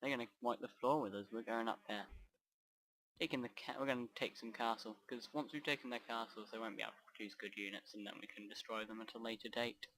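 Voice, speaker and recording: A man's voice: mid-range voice, fairly even intonation, fast, fairly bright tone, rough recording. A man giving rambling let's play commentary over a strategy game, often trailing off and restarting his sentences. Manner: rambling, off-track, self-interrupting.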